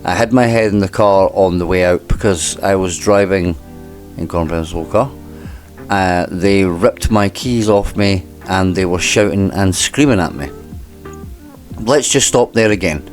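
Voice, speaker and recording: Male host, low voice, reads court transcript aloud, measured delivery with dry wry asides. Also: faint music behind. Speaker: channel host reading court testimony. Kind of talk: reading a transcript aloud with commentary.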